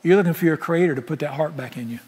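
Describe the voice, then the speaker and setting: A middle-aged pastor, preaching a folksy, impassioned sermon that swings from loud to soft. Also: male voice, fairly high pitch, very fast, slightly rough. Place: large church sanctuary. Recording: echoey sanctuary with long reverb.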